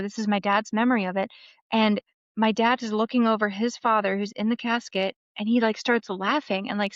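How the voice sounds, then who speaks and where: A woman in her thirties, a guest on a podcast, telling a family story in an animated, casual way. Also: medium pitch, no room sound. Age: 30s. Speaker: podcast guest, memoir author. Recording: dull lo-fi sound, dry.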